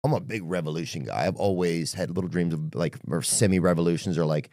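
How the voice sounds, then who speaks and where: Fast-talking deep-voiced man. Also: warm tone, dry recording, studio quality. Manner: rambling, joking, hedging. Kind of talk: casual podcast talk.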